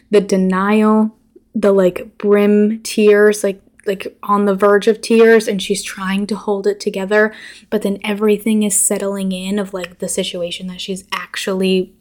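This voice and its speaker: This is a young woman talking through a horror movie on her podcast, and she keeps it loose and conversational. Her voice sits at an ordinary middle pitch for a woman. She is blunt and a bit profane, with plenty of "like" and "um" along the way. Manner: chatty, filler-heavy, blunt and profane. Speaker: podcast host. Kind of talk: casual movie recap.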